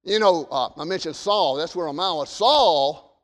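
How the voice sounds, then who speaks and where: A man's voice: fairly high pitch, normal speed, a bit bright. A male pastor preaching a sermon to his congregation, with emphatic delivery that swells and drops in volume. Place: church sanctuary. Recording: long hall reverb.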